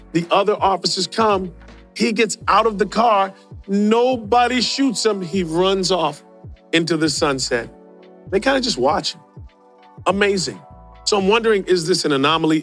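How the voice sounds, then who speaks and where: Male podcast host who talks through clips in a casual, questioning way, slightly high voice, quiet music under him. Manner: rhetorical, asks questions and adds "right?". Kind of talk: casual commentary on video clips.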